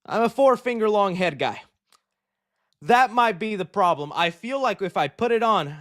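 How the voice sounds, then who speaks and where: High-pitched young guy hosting a chatty movie show, goofy and rambling. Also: moderate pace. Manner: excitable, jokey, rambling. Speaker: show host. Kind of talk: casual chat.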